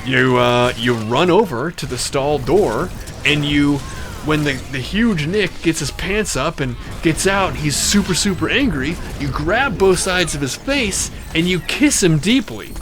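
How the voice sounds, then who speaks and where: A male streamer tells a long, rambling, profane story on a live stream, pausing to talk to his chat. His voice is on the high side and a bit bright, with slight background noise and clear music behind him.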